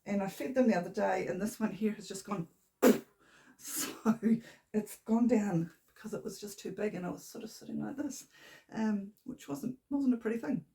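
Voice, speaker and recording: Gravelly-voiced New woman chatting. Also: mid-range voice, moderate pace, mellow. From New Zealand. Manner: chatty and rambling, with little laughs. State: slightly shaky voice. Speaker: knitting podcast host. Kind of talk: casual chat. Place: home room. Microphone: camera on a tripod.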